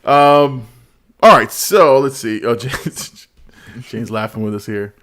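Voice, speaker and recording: A man's voice: medium pitch, takes it slowly, a bit bright. A man hosting a live stream, chatting casually, laughing often and repeating words as he reads chat aloud.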